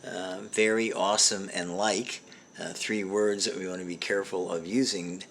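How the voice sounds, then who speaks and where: Host: middle-aged man, low voice, halting deadpan comic delivery, faint background noise. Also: vocal fry. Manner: halting, full of fillers and restarts. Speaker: comedy show host. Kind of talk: rambling deadpan comic monologue.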